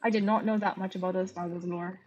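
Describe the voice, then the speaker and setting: A Romanian woman streams a game and chats casually, thinking aloud and gasping with delight. Her voice sits on the low side, a bit mellow, with fairly even intonation and a quick pace. The lo-fi stream audio is dull, with faint music and a slight hiss or hum.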